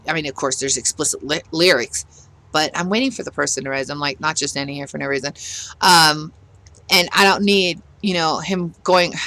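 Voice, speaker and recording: A middle-aged woman vents her exasperation in a blunt, casual rant while she plays a game for her vlog. Her voice is bright and forceful, and she talks with a sharp edge. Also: low voice, low-quality recording. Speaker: gaming vlogger.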